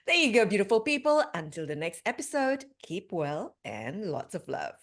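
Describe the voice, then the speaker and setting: A woman's voice: medium pitch, sing-song, normal speed. A woman from Indonesia, hosting a podcast interview in a chatty, upbeat way and laughing often. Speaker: podcast host.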